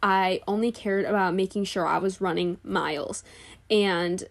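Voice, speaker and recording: A young woman in her own podcast, chatting openly and confessionally about herself. Her talk is loose and filler-heavy, with "like" scattered through it. Her pitch sits in an ordinary middle range for a woman. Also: steady tone, unhurried, vocal fry. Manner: candid, confessional storytelling. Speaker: podcast host. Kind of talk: casual podcast monologue.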